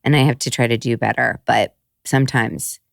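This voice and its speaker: A middle-aged woman, a podcast guest, telling a story in casual chat, acting out quotes with big jumps in pitch and swearing freely. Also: fairly even intonation, moderate pace, gravelly.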